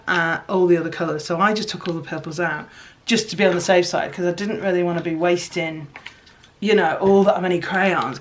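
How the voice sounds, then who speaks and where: A woman chatting casually as she shows her homemade crafts, excitable and self-mocking. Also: on the low side, slight background noise. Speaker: crafting vlogger. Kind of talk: casual craft chat to camera.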